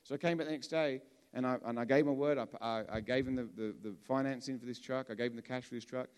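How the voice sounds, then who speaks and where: A man from England preaching a sermon in a relaxed, conversational way, often restarting and repeating words as he talks. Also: mid-range voice, fast talker, smooth.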